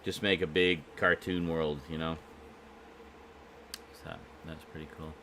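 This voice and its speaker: A man's voice: a bass voice, flat delivery, a little slow, pushed and bright, slight background noise. A man hosting a casual live stream, chatting with viewers in a rambling way full of fillers and restarts.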